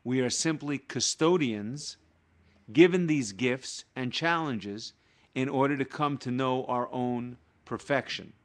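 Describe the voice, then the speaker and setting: A man's voice: medium pitch, slow pace. A man, a guest on a talk show, reading short passages aloud and then explaining spiritual ideas with everyday examples. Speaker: guest teaching Kabbalah.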